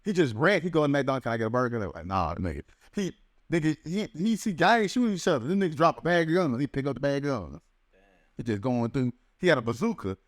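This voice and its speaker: This podcast co-host, a man with a slightly high voice and lively intonation, chats casually and spins meandering, foul-mouthed stories full of stops and starts. The audio is studio quality, with no room sound.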